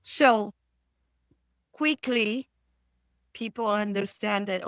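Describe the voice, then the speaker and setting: A woman's voice: on the high side, takes it slowly, long pauses, a bit bright, no room sound. A woman from Argentina speaks as a therapist guest in an interview. She is blunt and profane, and she often acts out what her clients say. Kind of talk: candid interview talk.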